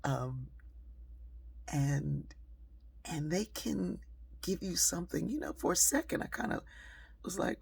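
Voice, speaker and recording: A woman tells a personal story in a relaxed, conversational way, pausing on fillers as she goes. Her voice is husky and gravelly, with plenty of fry. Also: fairly low pitch. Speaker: speaker telling a personal story. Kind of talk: storytelling monologue.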